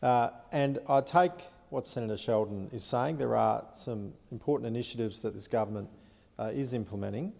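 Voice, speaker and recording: A gravelly, dark-toned Australian man rises to speak in a parliamentary debate, measured and pausing often as he builds his case. The long reverb of a large chamber hangs around his voice. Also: mid-range voice. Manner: measured, frequent "uh" pauses. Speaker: senator. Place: Senate chamber.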